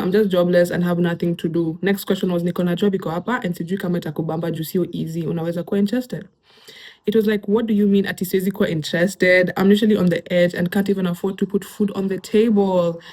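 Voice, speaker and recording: A woman's voice: fairly low pitch, steady tone, fast, a little mellow. Chatty young Kenyan woman vlogger. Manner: chatty, laughs often, mixes in Swahili slang. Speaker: YouTuber. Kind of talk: casual commentary reading online posts.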